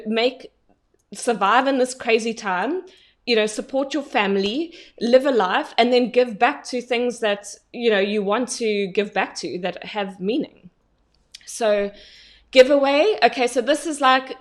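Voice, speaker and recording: Woman, online coach, relaxed live-stream delivery, talky, quick to laugh, loose with fillers. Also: medium pitch. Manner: chatty, laughs often, many fillers. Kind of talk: casual live online training.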